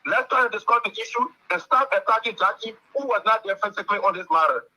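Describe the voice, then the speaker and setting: A man's voice: sits high, fast, sharp tone, low-quality recording. A man calling in to a radio talk show, speaking in an earnest, lecturing way and often repeating words. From Liberia. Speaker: caller. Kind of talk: call-in radio commentary.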